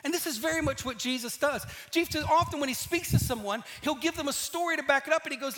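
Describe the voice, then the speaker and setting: High, bright-voiced male preacher. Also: fast talker, hardly any pauses. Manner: lively storyteller, asks the listeners questions. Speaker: pastor. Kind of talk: sermon with scripture reading.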